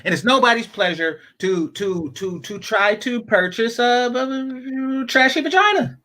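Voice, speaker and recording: A man's voice: very high voice, a little slow, pushed and bright. A man hosting a live-stream talk show, giving blunt, rambling commentary with many repeated words. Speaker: show host.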